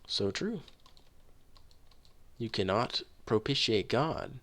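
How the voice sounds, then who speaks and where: A man's voice: medium pitch, lively intonation, a bit bright. Emphatic man reading quotes aloud. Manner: emphatic, rising on key words, slows down for stress. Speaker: online religious commentator.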